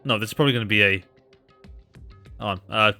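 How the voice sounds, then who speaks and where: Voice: mid-range voice, fairly quick, pushed and bright, no room sound, soft background music. A co-streamer chatting casually during a game stream, teasing and laughing easily.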